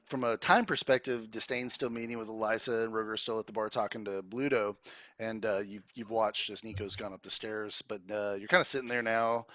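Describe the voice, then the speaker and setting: A man's voice: mid-range voice, a bit bright, no room sound, dull audio. A man narrating as dungeon master in a tabletop game, laughing easily and slipping into short character lines.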